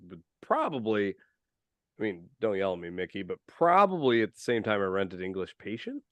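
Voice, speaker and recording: A man from Iowa co-hosts a casual podcast and tells a rambling, chatty story. His voice is smooth and clear, and the sound is dry and close, with no room behind it. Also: on the low side, very animated, normal speed, no room sound, muffled recording. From Iowa, USA. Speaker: podcast co-host.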